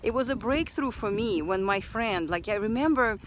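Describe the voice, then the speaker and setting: A woman's voice: medium pitch, animated, moderate pace, slight background noise, low-quality recording. A woman speaking earnestly in a personal reflective vlog, repeating phrases for emphasis. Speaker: self-help vlogger.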